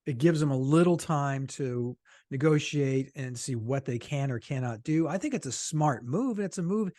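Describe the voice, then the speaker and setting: A middle-aged man from the United States co-hosting a political podcast, animated and quick to laugh, with blunt, salty asides. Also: mid-range voice, dry recording. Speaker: podcast co-host, political cartoonist. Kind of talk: casual political chat.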